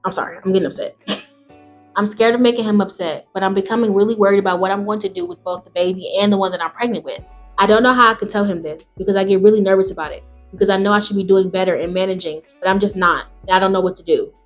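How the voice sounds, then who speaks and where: A woman host reading online stories aloud in a quieter voice, then breaking into loud, exclamatory rants full of swearing. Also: medium pitch, fairly even intonation, fast talker, dull audio, faint music behind. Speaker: channel host.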